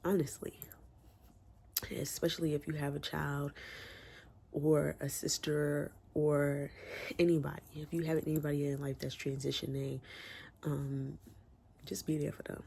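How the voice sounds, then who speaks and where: A man's voice: on the high side, level tone, a little slow, vocal fry, long pauses, a little mellow, slightly rough. A man giving a casual, emotional book review from home, talking candidly with slang. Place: room at home with window open.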